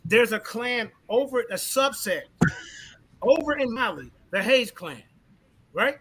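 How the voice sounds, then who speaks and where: A man arguing heatedly in a debate, defiant and repetitive, telling his opponent to be quiet. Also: very high-pitched, sing-song, a little slow, breathy edge. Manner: defiant, repeats himself, cuts others off. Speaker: debate participant.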